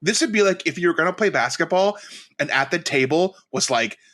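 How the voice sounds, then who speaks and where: A man's voice: a little high, fairly quick. A man co-hosting a casual comedy podcast, joking and swearing freely. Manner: animated, jokey, swears freely. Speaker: podcast co-host.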